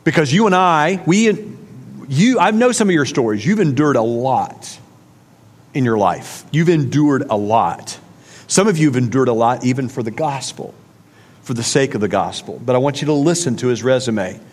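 A man preaching a sermon in a relaxed, conversational way, with fillers and asides to his congregation. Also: medium pitch, brisk, big-room sound. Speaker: pastor.

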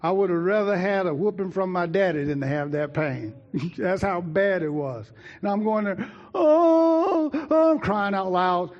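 Preacher, male, slightly high voice, lively sermon storytelling, dull lo-fi recording. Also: normal speed. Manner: lively, talks to the congregation directly.

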